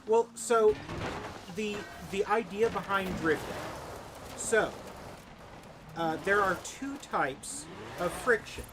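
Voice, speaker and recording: A man's voice: sits high, slow pace, long pauses, noisy background. A man chatting casually with viewers while streaming a racing game, rambling and joking. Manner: rambling, jokey, chats with viewers. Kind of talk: casual live-stream chat.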